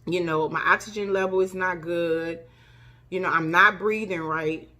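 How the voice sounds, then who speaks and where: A woman's voice: fairly low pitch, normal speed. A middle-aged woman telling her own story casually to her channel, acting out the quoted lines, with a cough. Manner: animated retelling, acts out quoted dialogue. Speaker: vlogger.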